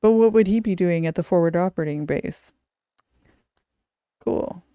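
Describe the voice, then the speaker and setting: A woman's voice: on the low side, moderate pace, mellow, smooth, no echo, dull audio. A woman hosting a casual podcast, chatty and laughing often. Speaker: podcast host.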